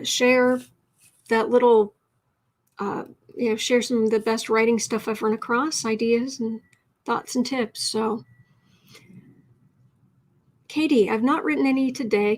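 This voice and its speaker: A woman with a slightly high voice hosts a casual writing livestream. She's chatty and thinks out loud while teaching and reading messages from chat.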